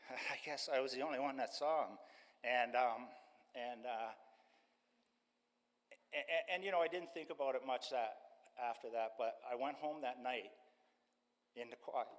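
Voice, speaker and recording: An older man stands before a church congregation and shares his testimony, pausing often and filling the gaps with ums and uhs. His voice sits at an ordinary middle pitch and carries a long reverb through the sanctuary. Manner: halting storytelling with many fillers. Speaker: street ministry staff member. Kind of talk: personal testimony at church service.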